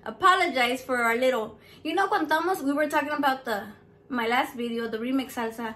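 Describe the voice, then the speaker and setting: A high-pitched woman talks straight to camera from her home. She is brash and foul-mouthed, and she drops words into her as she chats through her cooking vlog. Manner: brash, foul-mouthed, animated, mixes Spanish into English. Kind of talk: casual profane chat to camera.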